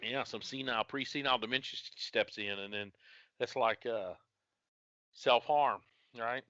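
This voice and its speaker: Man, folksy rambling storyteller, bright forceful voice, dry dull lo-fi sound. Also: medium pitch, normal speed, no echo. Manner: rambling, folksy, retelling a dad's story with quoted dialogue. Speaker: podcast co-host. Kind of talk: casual storytelling chat. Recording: dull lo-fi podcast audio.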